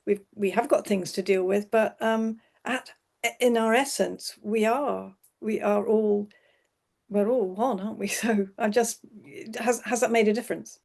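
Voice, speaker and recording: A woman's voice: medium pitch, steady tone, unhurried, creaky, a little mellow. A woman hosting a conversational interview, asking long, rambling questions and correcting herself as she goes.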